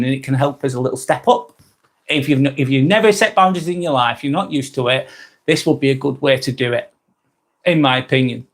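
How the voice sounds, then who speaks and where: Chatty Lancashire man with a sore throat. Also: fairly high pitch. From England. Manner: rambling, repeats himself, chatty asides. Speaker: live stream host. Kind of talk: casual chat reading live comments.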